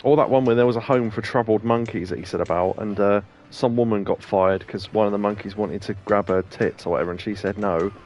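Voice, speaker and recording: A man's voice: on the low side, fairly even intonation, a little fast, hardly any pauses, darkish tone, soft background music. A man co-hosting a let's play, chatting casually and telling rambling anecdotes with plenty of laughs. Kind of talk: casual chat over gameplay.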